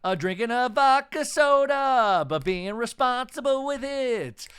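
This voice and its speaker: A man doing a mocking impression of a loud, boastful woman in a high, shrill voice. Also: lively intonation, unhurried, smooth, heavily acted. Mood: defiant.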